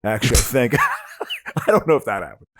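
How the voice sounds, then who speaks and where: A man hosting a podcast, chatting casually while watching a movie, excitable and prone to stammering restarts. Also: medium pitch, fast, slight background noise. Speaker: podcast host.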